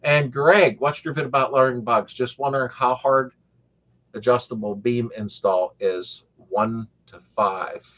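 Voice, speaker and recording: A man's voice: mid-range voice, fairly even intonation, unhurried, fairly bright tone. A middle-aged man hosting a casual live-stream chat, rambling and joking as he reads viewer comments aloud. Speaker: host of a car restoration channel live chat.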